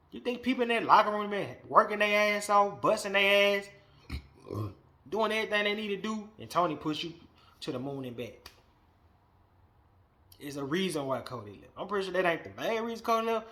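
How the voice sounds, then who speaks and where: Man, somewhat high voice, casual podcast rant, blunt and profane, muttering then loud outbursts. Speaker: wrestling podcast host.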